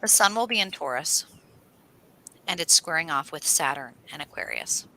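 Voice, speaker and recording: A woman co-hosting an astrology livestream, telling rambling stories in a casual, animated way and swearing now and then. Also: deep voice, normal speed, slight background noise, low-quality recording. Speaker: astrology show co-host.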